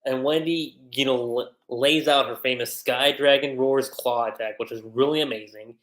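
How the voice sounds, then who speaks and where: A man chatting casually on a livestream as an anime reviewer, speaking from his home desk setup in an animated way. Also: mid-range voice. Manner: chatty, animated, acts out character lines in quick voices.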